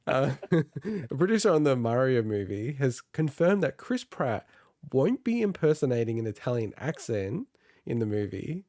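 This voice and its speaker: A man's voice: medium pitch, warm tone, no echo. Laughing, rambling podcast man, dry sound. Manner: laughs often, rambling with restarts. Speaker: podcast co-host. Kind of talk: casual chat.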